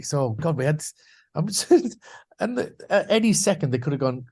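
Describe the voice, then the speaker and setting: A man's voice: on the high side, normal speed, husky. Man from the Scottish Borders telling stories. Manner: lively anecdotes, slips into voices and animal noises. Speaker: guest, voice actor. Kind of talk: casual interview storytelling.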